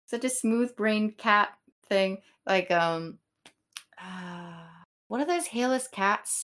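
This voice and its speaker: Woman, podcast co-host, giggly, rambling, slow-paced. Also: medium pitch, expressive, fairly bright tone. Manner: giggly, rambling, many fillers. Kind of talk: casual comedic chat about Shakespeare.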